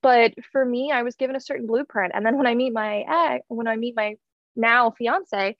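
A woman's voice: on the high side, fairly even intonation, moderate pace, no echo, dull audio. A woman in her thirties telling a heartfelt personal story in an earnest way, with many fillers and restarts. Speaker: guest sharing her story.

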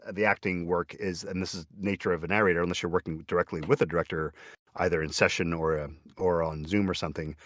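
A man's voice: low voice, fairly bright tone, dry recording, clean studio sound. A man who narrates audiobooks, chatting casually in an interview over a video call, often stopping himself mid-sentence and acting out little back-and-forth exchanges. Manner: chatty, self-interrupting, acts out quoted exchanges. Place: small home recording booth.

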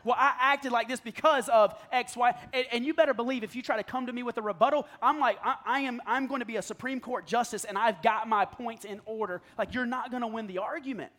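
High-voiced man preaching casually. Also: quick pace, hardly any pauses, fairly bright tone. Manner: storytelling, self-deprecating, laughs often. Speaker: pastor. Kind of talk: conversational sermon.

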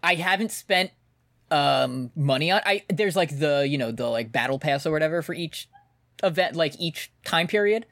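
A podcast co-host rambles through a casual, laid-back chat, swearing often. His voice is on the high side and a bit bright, with lively intonation and a moderate pace. The recording is studio quality with no room sound.

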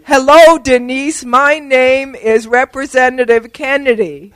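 Woman mimicking a condescending male politician, drawn-out and chummy. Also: extremely high pitch, fairly even intonation, fairly bright tone, no room sound, voice pushed up. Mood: patronizing. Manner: slow, exaggerated, talking down. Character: patronizing male politician, overly friendly.

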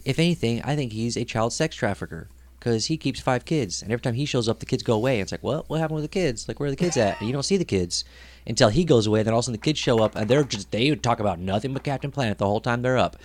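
Animated young man telling stories. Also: mid-range voice, very fast. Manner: animated storyteller, loud outbursts when acting out scenes. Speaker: podcast co-host. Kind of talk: casual chat.

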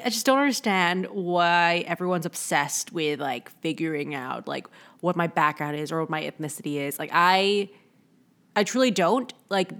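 A woman's voice: on the low side, a bit bright. A young woman hosting a casual solo podcast, rambling with many fillers and poking fun at herself. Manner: rambling, frequent "like" fillers, self-mocking. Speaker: podcast host.

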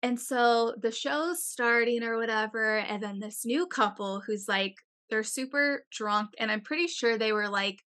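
A young woman with a bright, forward voice pitched a little high. She tells a story in casual chat, animated and swearing freely, with "like" in nearly every phrase. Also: measured pace, hardly any pauses. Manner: animated, profane storytelling full of "like".

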